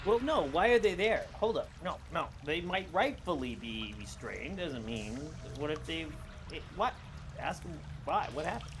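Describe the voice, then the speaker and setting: A man's voice: fairly high pitch, very animated, normal speed, noisy background. A man playing a tabletop game, talking casually and questioning the others in a cautious way. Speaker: player.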